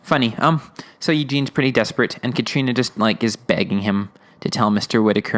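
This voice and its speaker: Talking through an episode on his podcast, this host rambles, laughs, and uses many fillers. His voice is on the low side and fairly bright, with a steady tone and a brisk pace with few pauses.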